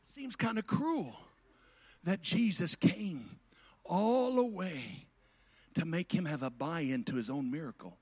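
Male preacher, sermon, high voice, folksy, talks straight to the congregation. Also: expressive, slow pace, breathy edge. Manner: swings from quiet asides to shouted climaxes; folksy, addresses the congregation directly.

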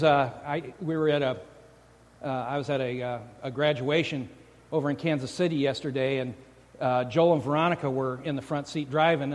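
A man preaching a sermon as a pastor, talking in a loose, joking way and often restarting his sentences. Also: a little high. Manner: conversational, joking, frequent restarts. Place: church sanctuary. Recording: long church hall reverb.

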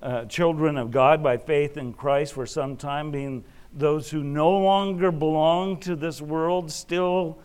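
A middle-aged man preaching a sermon in a relaxed, conversational way, often restarting his phrases as he tells personal stories. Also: a little high, slow, few pauses, smooth. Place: Alaska.

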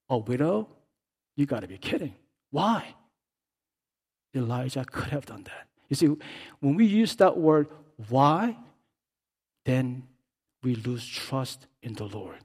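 A man preaching a sermon as pastor, swinging between hushed, quiet stretches and loud, impassioned calls. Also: medium pitch, very animated, slow pace, pauses often, husky.

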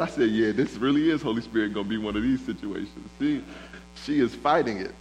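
A man's voice: lowish voice, brisk, darkish tone, highs cut off. A man preaching a sermon, building rhythm through repeated phrases and speaking God's words in quotes. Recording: faint mains hum.

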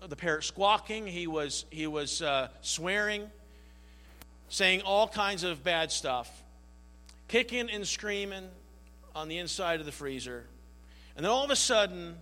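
Bright-voiced pastor preaching in an echoing church. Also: male voice, a little high. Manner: earnest prayer, then folksy storytelling with pauses and restarts. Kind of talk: sermon with prayer and a joke.

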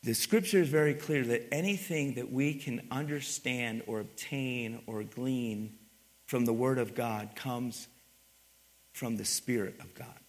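A man preaching a sermon, moving from quiet teaching to loud, emphatic passages and asking the congregation for responses. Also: medium pitch, unhurried. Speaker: pastor.

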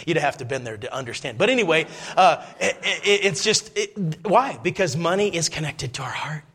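A middle-aged man preaching a sermon, dropping into quiet asides and rising to loud, fervent passages. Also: fairly high pitch, animated, normal speed, slightly rough.

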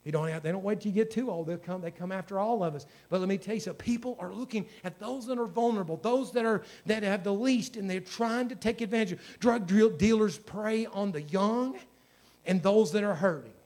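A man's voice: high-pitched, brisk, a little mellow. A man, a pastor preaching a sermon in a folksy storytelling way that builds to fervent exhortation.

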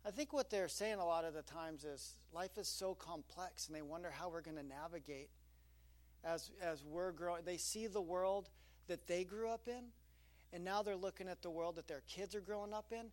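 A man's voice: high-pitched, normal speed. A middle-aged man preaching a sermon as pastor, telling stories with quoted asides. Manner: animated storytelling with quoted asides.

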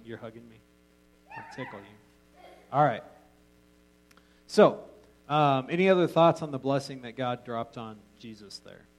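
A male Bible teacher speaking at a middle pitch in a loose, conversational way. He jokes with his listeners and often trips over and restarts his sentences. It sounds like relaxed classroom teaching rather than a formal sermon. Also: normal speed, long pauses, low-quality recording. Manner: casual and joking, with frequent restarts.

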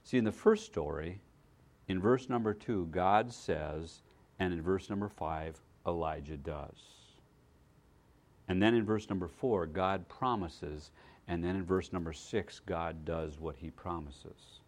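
Preaching a sermon, this man talks to his congregation like a conversation and keeps checking in with them. His low voice moves at a measured pace, swinging from forceful emphasis to hushed asides, with frequent repeated words.

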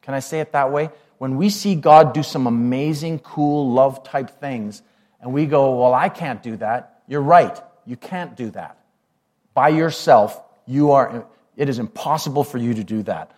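Man, pastor, sermon, conversational, mid-pitched voice. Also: measured pace, darkish tone. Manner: conversational, asks the congregation questions.

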